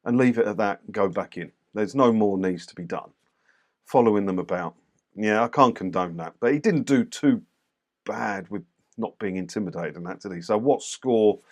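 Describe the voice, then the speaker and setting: A man casually commenting on doorstep clips for his channel, blunt and mocking. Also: on the low side. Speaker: YouTube commentator reviewing clips.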